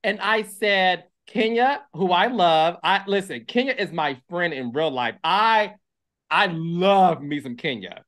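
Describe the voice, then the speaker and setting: A man's voice: high-pitched, lively intonation, measured pace, a bit bright. A man hosting a casual podcast interview, talking in an emphatic, insistent way. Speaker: podcast host.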